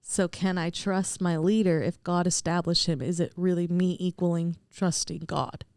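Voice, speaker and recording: A woman's voice: fairly low pitch, steady tone, moderate pace, darkish tone, no echo, studio quality. A female pastor in a casual podcast discussion, speaking in an earnest, reflective way.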